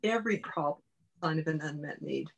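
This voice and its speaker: A woman's voice: low-pitched, brisk, gravelly, slightly rough. A woman coach and podcast guest, telling a personal story in an earnest, heartfelt way. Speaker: guest, body-mind coach.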